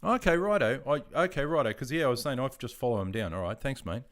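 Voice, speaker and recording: A man's voice: mid-range voice, sing-song, fast talker, a bit bright. An Australian man in his fifties chatting casually on a live stream, reading out viewer comments and laughing easily. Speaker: live streamer, army veteran.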